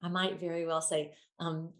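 Lively woman guest telling stories, does little voices for quotes, echoey room sound. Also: on the low side, normal speed. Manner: animated, acts out quotes with shifting voices. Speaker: children's ministry singer and guest. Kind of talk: conversational interview storytelling.

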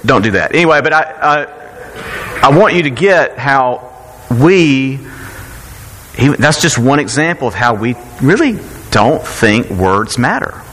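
A man's voice: medium pitch, lively intonation, a little slow, a bit bright, long reverb tail, slight background noise, poor audio. A man giving a sermon as pastor, conversational and joking, often restarting his phrases. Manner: conversational, self-correcting, playful asides.

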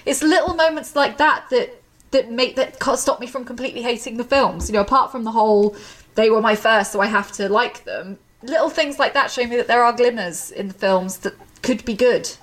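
A woman co-hosting a casual film chat, enthusiastic and quick with asides and laughs. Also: fairly high pitch, fairly bright tone, distant mic. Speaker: podcast co-host. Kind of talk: casual chat about films.

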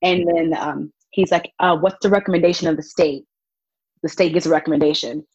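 A woman's voice: low voice, fairly quick, breathy edge, no echo, dull audio. A young woman, telling stories in a casual interview and acting out what people said. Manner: animated, acts out quotes with laughs. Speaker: guest, volunteer child advocate.

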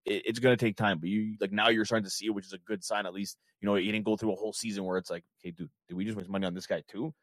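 A man co-hosting a casual football chat, talking in a rapid, profane and emphatic way. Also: fairly low pitch, fairly even intonation, no room sound. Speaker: podcast co-host.

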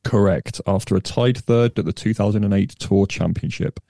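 A man's voice: lowish voice, normal speed, creaky, mellow, no echo. A man co-hosting a podcast and running a quiz, with dry humour and hesitant restarts. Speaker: podcast co-host, quizmaster. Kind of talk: casual chat, running a quiz.

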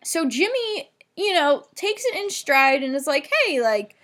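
A woman with a somewhat high voice talks through a TV episode in loose, casual chat. She leans on fillers and tosses in the odd swear word. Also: big pitch swings, unhurried, a bit bright. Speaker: podcast co-host recapping a TV episode.

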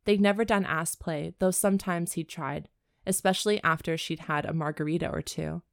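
A woman co-hosting a comedy podcast, reading a steamy novel aloud and tossing in crude jokes. Her voice sits a little low. The recording is close and dry, with little room sound. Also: steady tone, moderate pace, creaky, no echo. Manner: bawdy, joking asides. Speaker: podcast co-host and reader.

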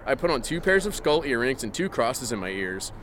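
A man on a comedy podcast reading fan fiction aloud in a mocking, deadpan tone, breaking off for jokey asides. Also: medium pitch, a little fast, a little hiss or hum.

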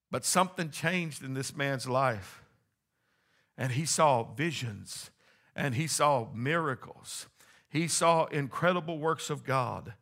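A male pastor preaches a sermon in a church, swinging between quiet, low asides and loud, rising exclamations.

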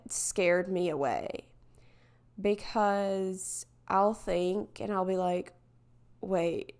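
Woman, solo podcast, unhurried, smooth voice, rambling, reflective. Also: mid-range voice. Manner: hesitant, rambling, filler-heavy; reflective and candid. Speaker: podcast host. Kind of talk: casual solo podcast talk.

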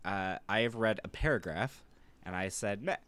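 A man's voice: lowish voice, normal speed, a bit bright, clear, resonant tone. A man who is game master of a tabletop game, rambling casually with plenty of fillers and laughter.

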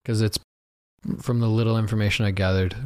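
A man's voice: lowish voice, level tone, a little fast, no room sound, clean studio sound. A man hosting a podcast, bluntly joking as he interviews his guest in casual chat. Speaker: podcast host.

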